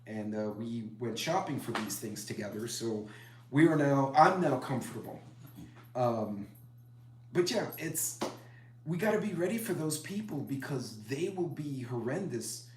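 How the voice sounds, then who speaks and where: Speaking a little slowly and expressively at medium pitch, a middle-aged man hosts a casual preparedness live stream, chatty and rambling as he welcomes commenters. The echoey room carries a little hiss or hum.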